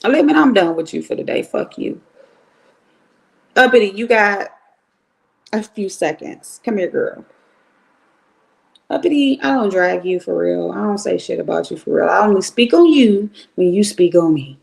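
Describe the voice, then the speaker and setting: A middle-aged woman from Cleveland giving blunt, profane, animated commentary on a livestream. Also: mid-range voice, moderate pace, creaky, long pauses. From Cleveland, Ohio.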